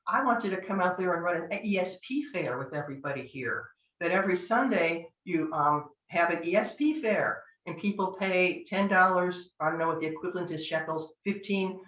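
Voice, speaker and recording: A woman's voice: lowish voice, fairly bright tone. An older woman from Northern California teaching tarot in a chatty, anecdotal way, acting out bits of dialogue. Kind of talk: online master class talk. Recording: echoey, distant, dull lo-fi sound.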